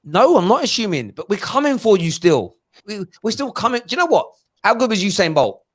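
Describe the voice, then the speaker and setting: A man hosting a football fan phone-in, reading viewer messages and launching into passionate rants that build toward shouting. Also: high-pitched, sing-song, brisk. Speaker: phone-in show host. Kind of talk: casual fan phone-in chat.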